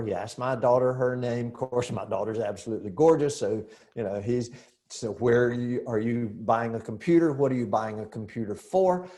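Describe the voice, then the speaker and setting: A middle-aged man training real estate agents in a seminar, telling lively stories, acting out dialogue and putting rhetorical questions to the audience. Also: mid-range voice, normal speed. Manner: animated storyteller who acts out dialogue and asks rhetorical questions.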